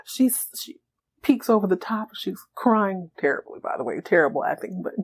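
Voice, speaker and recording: A woman hosting a podcast who recaps a TV episode in a comedic, animated way and laughs often. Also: mid-range voice, normal speed, breathy edge. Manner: animated, joking, laughs a lot. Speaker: podcast host.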